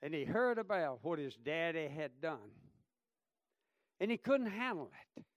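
A man pastor, preaching a sermon that moves from fervent exhortation to quiet storytelling. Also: fairly high pitch, big pitch swings, a little slow, dry recording, studio quality.

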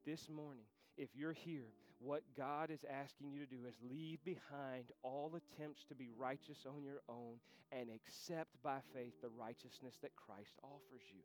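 A man's voice: mid-range voice, fairly even intonation, moderate pace, few pauses, soft background music. Man preaching with fervent intensity. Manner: impassioned preaching that swings from soft to shouting. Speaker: pastor. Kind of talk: sermon.

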